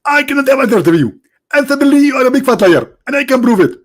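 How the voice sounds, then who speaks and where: A man's voice: very high voice, animated, racing, voice pushed up. A man doing a mocking impression of an indignant, self-righteous male preacher who scolds and huffs defensively. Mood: scolding. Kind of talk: mocking impression in a live-streamed debate.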